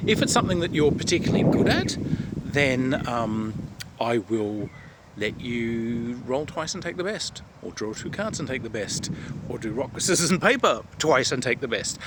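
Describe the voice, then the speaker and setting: A man hosts a casual chat about tabletop games in a mid-range voice, though the recording is very noisy. He tells anecdotes and acts out lines his players said.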